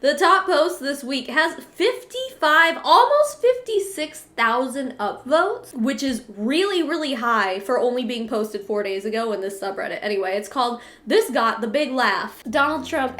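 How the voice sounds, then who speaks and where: A woman's voice: high-pitched, expressive, normal speed, few pauses, a bit bright. A young woman talking casually to camera as a vlogger, sniffly and congested, chatty and candid, laughing between remarks. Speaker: vlogger host. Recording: roomy echo.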